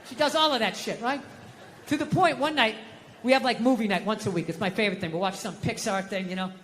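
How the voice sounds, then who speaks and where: A middle-aged man doing a stand-up comedy set, animated and swearing as he rants. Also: very high voice, fast talker, in a large hall, a little hiss or hum.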